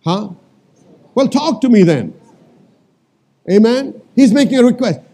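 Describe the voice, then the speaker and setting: Husky, lively-voiced preaching man. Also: extremely high pitch, a little slow. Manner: call-and-response preaching, repeats lines for emphasis; bursts into shouted commands. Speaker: pastor. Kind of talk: sermon.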